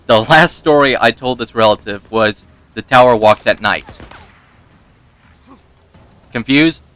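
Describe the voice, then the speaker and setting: Bright-voiced man rambling through a story. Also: medium pitch, takes it slowly, clear, resonant tone, no room sound. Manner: rambling, self-mocking, laughs often. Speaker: gaming channel host. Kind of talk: casual storytelling over gameplay.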